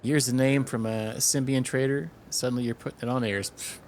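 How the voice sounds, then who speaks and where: A man's voice: medium pitch, steady tone, brisk, darkish tone, slight background noise, lightly acted. A man voicing a cheeky, simple-minded young stable boy with a mocking, rustic way of talking while reading game dialogue aloud.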